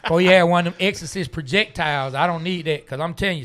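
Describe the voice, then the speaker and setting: Animated, bright-voiced man. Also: on the high side, fast talker. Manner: animated, laughs often, drawling Southern slang. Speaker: podcast co-host. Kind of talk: casual sports talk.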